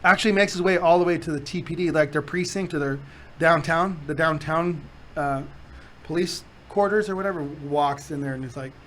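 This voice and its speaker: A man's voice: a little high, brisk, slight background noise. A man, hosting a podcast and telling stories in casual chat, acting out quotes and laughing often. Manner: animated storyteller, acts out quotes, laughs often. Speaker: podcast host.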